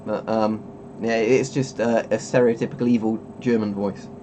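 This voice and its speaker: A man chats on his webcam stream in a rambling, chuckling way, often breaking off mid-thought. His voice sits at a middling pitch, with a faint low rumble underneath it. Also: steady tone, normal speed. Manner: rambling, chuckling, self-interrupting. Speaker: streamer host. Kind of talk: casual webcam stream chat.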